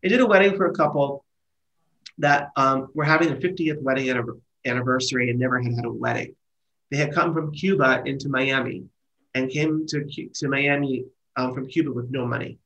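A middle-aged man, a wedding planner and guest, telling stories in casual conversation with lively restarts and trailing phrases. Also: medium pitch, fairly quick, highs cut off. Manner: animated storyteller, trailing restarts.

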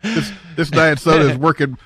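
A man's voice: a little high, lively intonation, moderate pace, fairly bright tone, slightly rough, no room sound. A man co-hosting a radio talk show, trading dry wisecracks. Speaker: radio co-host.

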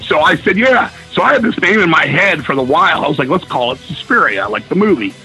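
A brash man tells a story in a bright, pushed voice that sits a little high. He swears freely and acts out what people said. Faint music plays underneath. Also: quick pace, rough recording. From Virginia, US. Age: 50s. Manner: profane, excitable, acts out quoted dialogue. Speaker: guest musician. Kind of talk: casual interview storytelling. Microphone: phone call-in.

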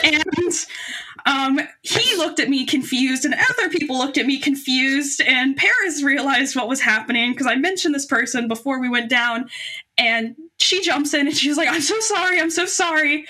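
A young woman telling a funny personal anecdote as a podcast guest, animated and self-deprecating, laughing often. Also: high voice. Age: young adult. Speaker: guest storyteller.

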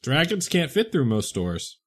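A man playing a tabletop game in casual chat, eager and quick to add detail about his character. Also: medium pitch, wildly swooping pitch. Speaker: player.

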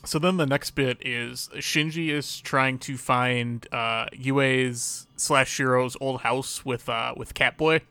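A man co-hosting a podcast, recapping the plot casually with frequent pauses and ums. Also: mid-range voice, fairly even intonation, sharp tone, smooth, no echo. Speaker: podcast co-host. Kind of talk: casual chat.

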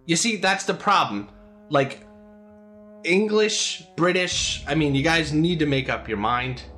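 An American man hosting a podcast, bantering and joking in quick, lively casual chat. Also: a little high, faint music behind. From United States. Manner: jokey, animated, quick banter. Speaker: podcast host.

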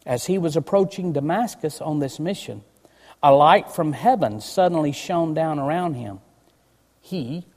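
A man's voice: fairly high pitch, a little mellow. A man preaching a sermon, emphatic and asking his congregation questions. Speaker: pastor. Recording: long church reverb.

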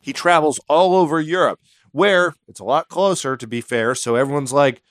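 A man's voice: fairly high pitch, moderate pace, dry recording, clean studio sound. A man hosting a comedy podcast, casually telling a history story and acting out the characters in it. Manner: animated, acts out characters in the story.

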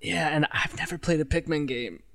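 A young man guesting on a casual podcast, agreeable and quick to laugh. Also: a little high, gravelly, fairly bright tone. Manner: agreeable, lots of yeahs and laughs.

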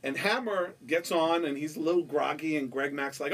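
Animated New York storyteller, man. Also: on the high side, normal speed, recorded from a distance. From Queens, New York. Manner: animated, profane, acts out quotes. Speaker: podcast guest. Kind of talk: casual storytelling.

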